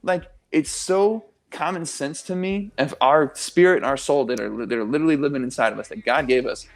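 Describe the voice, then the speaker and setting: A man's voice: on the high side, brisk. Passionate young man, emphatic radio guest. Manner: passionate, emphatic, swears freely. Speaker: guest, pro athlete and coach. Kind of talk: radio interview.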